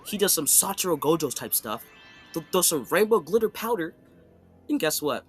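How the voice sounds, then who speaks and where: A man's voice: fairly high pitch, sing-song, normal speed, slightly rough, soft background music. A man casually recapping an anime fight in a rambling, slangy way, often checking in with "okay?". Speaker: anime commentator.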